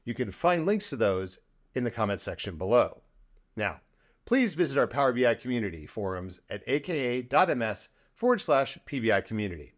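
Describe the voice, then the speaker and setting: A man hosting a software product update, reading scripted announcements in an upbeat way. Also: medium pitch, sing-song, fairly quick, no room sound, clean studio sound.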